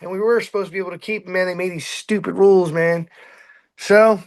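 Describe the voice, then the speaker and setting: A middle-aged boat captain with a high, bright-pitched voice spins fishing tales in easy, casual talk. He jumps into shouted quotes and plays every part of the story himself. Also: brisk. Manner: animated, acts out shouts and quotes.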